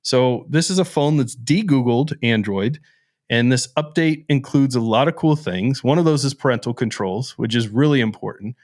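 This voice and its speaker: A man co-hosting a casual tech podcast, playful and excitable, joking one moment and explaining features at length the next. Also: mid-range voice, moderate pace. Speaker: podcast co-host.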